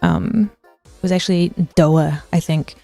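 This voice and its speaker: Chatty streamer woman with a mellow voice. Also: deep voice, a little slow, creaky, no room sound, soft background music. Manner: chatty, swears, answers chat mid-sentence. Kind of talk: casual chat, ranting history lesson.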